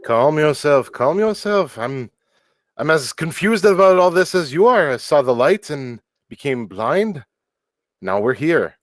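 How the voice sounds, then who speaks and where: A player voicing a confused, shackled man who loudly urges others to calm down. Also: mid-range voice, unhurried, no room sound, studio quality. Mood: pleading. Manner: loud, pleading to calm others.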